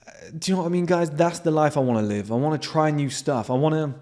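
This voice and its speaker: A man with an animated manner, hosting a casual monologue to his viewers and swearing freely. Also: on the high side, quick pace. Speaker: host.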